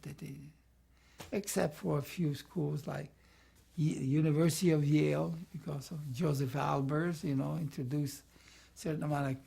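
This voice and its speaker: An older man with a gravelly, husky voice, looking back on his years as an art teacher. He talks in a loose, rambling way and keeps tossing in "see" as he explains. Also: on the high side, mellow. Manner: rambling, peppers talk with "see". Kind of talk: reminiscing interview talk.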